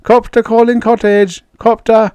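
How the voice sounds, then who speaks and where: A man's voice: very high voice, flat delivery, a little slow, warm tone, clear, resonant tone, dry recording, muffled recording, voice pushed up. A man doing a breathless flustered young woman. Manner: breathless, babbling.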